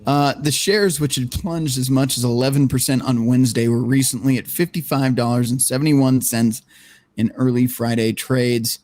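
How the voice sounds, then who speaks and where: Male panel-show host, mid pitch, loose and profane, reads headlines with laughing asides. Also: fairly even intonation, normal speed, a little mellow, no room sound. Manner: profane, laughing, steers the talk back on topic. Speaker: podcast host. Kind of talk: casual panel chat, reading news aloud.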